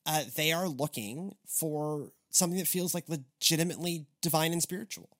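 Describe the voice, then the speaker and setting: A man hosting a church podcast in casual chat, rambling with restarts and animated asides. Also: fairly high pitch, brisk. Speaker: podcast host.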